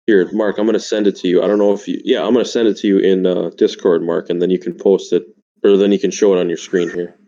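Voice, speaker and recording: A man talking over voice chat during a game stream, chatty and quick to laugh. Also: sits low, level tone, dark tone, muffled recording. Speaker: guest on voice chat. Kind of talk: casual chat. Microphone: voice chat mic.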